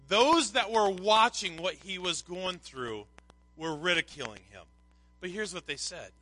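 Man, pastor, high voice, very bright tone, conversational sermon. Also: very animated, moderate pace, rough recording. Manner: conversational preaching, reading scripture aloud.

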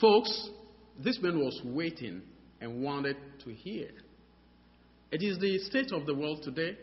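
A man preaching a sermon, animated and halting, often repeating words and filling pauses, acting out little dialogues as he goes. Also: a little high. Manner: acts out dialogues in his story. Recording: dull sound, long hall reverb.

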